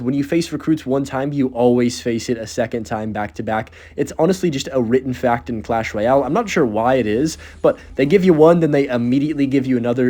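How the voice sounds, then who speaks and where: A man's voice: medium pitch, darkish tone. A young man giving casual, joking commentary over his own gameplay, sarcastic and chatty as he narrates each move. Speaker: gaming content creator.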